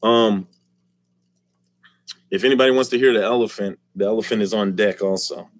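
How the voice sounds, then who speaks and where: A man's voice: fairly low pitch, normal speed, no room sound. A man hosting a casual live stream, joking and teasing the chat and laughing often. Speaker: livestream host.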